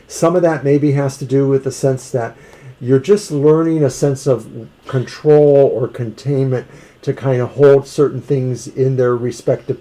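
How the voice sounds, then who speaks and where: A man's voice: mid-range voice, warm tone, low-quality recording. A man co-hosting a tarot reading show, talking casually and hedging his interpretations with many maybes. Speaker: tarot reader co-host.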